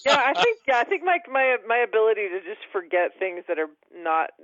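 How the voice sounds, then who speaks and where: A woman's voice: on the high side, big pitch swings, brisk, fairly bright tone. A woman co-hosting a film review podcast, speaking with wry, dismissive humor over a phone line. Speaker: podcast co-host. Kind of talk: casual film review chat.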